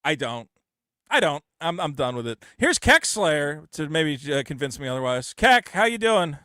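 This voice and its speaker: Brief: male call-in host, profane rambler, clear resonant high voice. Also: big pitch swings, normal speed, sharp tone, no echo, studio quality. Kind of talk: casual call-in show banter.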